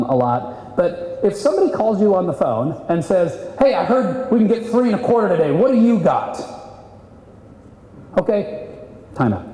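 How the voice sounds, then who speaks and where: Animated man coaching a seminar room. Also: high-pitched. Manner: animated, acts out client voices. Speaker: sales coach. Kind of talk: live seminar talk. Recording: echoey hall, voice from a distance.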